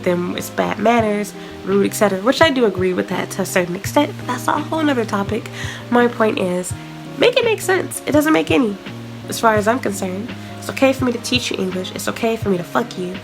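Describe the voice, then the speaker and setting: Young adult woman vlogger, exasperated and blunt, gravelly fry in her voice. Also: mid-range voice, poor audio. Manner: frank, exasperated ranting. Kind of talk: ranting vlog to camera.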